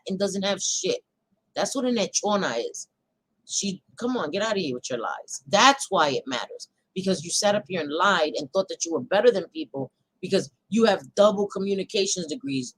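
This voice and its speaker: A woman hosting a casual talk show, speaking bluntly, reacting out loud and swearing freely. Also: mid-range voice, sing-song, moderate pace, husky, dry recording, poor audio. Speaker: host.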